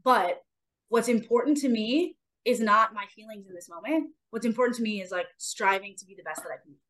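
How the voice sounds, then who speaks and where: A woman's voice: a little high, a little fast, fairly bright tone. A woman co-hosting a sports podcast in casual chat, talking earnestly and motivationally, repeating phrases for emphasis. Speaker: podcast co-host and athlete.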